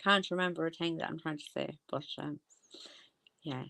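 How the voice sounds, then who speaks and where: A woman's voice: low-pitched, fairly even intonation, moderate pace, creaky, bright, forceful tone. A woman with an Irish accent giving casual, rambling commentary and often losing her train of thought. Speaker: commentary vlogger.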